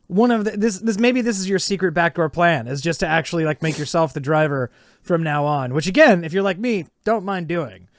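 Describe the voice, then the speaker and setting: A man's voice: a little high, fairly quick, no room sound, clean studio sound. A man co-hosting a podcast in casual chat, laid-back and hedging, often chuckling as he talks. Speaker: podcast co-host.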